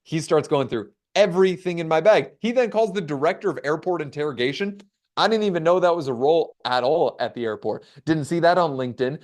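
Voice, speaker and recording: Animated, slightly high-voiced male storyteller. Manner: animated, acts out dialogue, dramatic pauses. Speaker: keynote speaker. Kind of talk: storytelling talk. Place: webinar.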